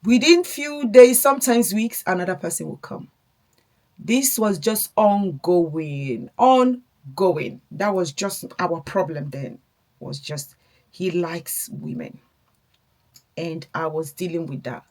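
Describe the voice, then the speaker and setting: A woman's voice: fairly low pitch, expressive, takes it slowly, a little mellow. Candid young woman, rambling vlog chat. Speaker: vlogger. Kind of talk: casual get-ready-with-me storytelling.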